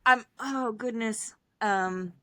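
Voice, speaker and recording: A young adult woman, a podcast guest, telling her personal story in a casual, animated way, acting out other people's lines with laughs and fillers along the way. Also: fairly high pitch, takes it slowly, no room sound. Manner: animated, acts out quoted dialogue, frequent laughs and fillers.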